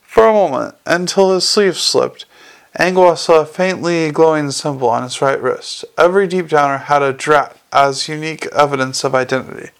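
A man narrating a fantasy audiobook, his voice sitting slightly high with a gravelly rasp. He reads at a steady, even storytelling pace. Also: normal speed. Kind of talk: scripted narration.

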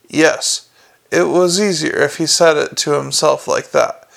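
Gravelly male audiobook narrator. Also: on the high side, fairly even intonation, measured pace, fairly bright tone. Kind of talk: scripted narration.

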